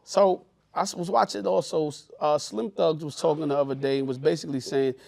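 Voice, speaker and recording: A man's voice: a little high, steady tone, fairly quick, gravelly, darkish tone, no echo, clean studio sound. A man co-hosting a podcast, telling loose stories in casual chat and acting out the voices of the people in them. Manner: loose storytelling, acts out quoted voices. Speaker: podcast co-host.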